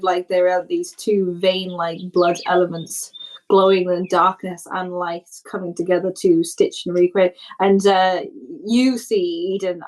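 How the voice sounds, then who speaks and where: A woman's voice: on the low side, rough recording. Woman running a tabletop game. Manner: animated, encouraging, with frequent fillers. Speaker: game master.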